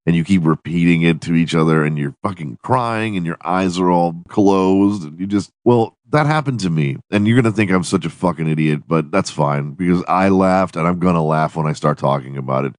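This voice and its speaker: A man's voice: low-pitched, a little fast, few pauses, no echo, studio quality. A man hosting his podcast in a profane, rambling, giggly solo monologue. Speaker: podcast host.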